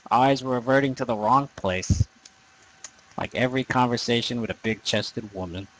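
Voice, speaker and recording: A man's voice: mid-range voice, normal speed, fairly bright tone, a little hiss or hum, poor audio. A young man giving casual let's play commentary over a game, rambling, swearing often and poking fun at himself. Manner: profane, rambling, self-deprecating. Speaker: gaming commentator.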